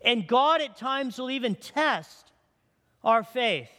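A man's voice: extremely high pitch, animated, takes it slowly, pushed and bright. A middle-aged male pastor preaching a sermon in a conversational way, often putting questions to the congregation. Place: church sanctuary. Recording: long hall reverb.

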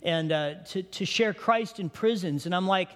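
A man's voice: high-pitched, normal speed, a bit bright. A middle-aged male pastor preaching a sermon in a conversational way, often putting questions to the congregation. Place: church sanctuary. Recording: long hall reverb.

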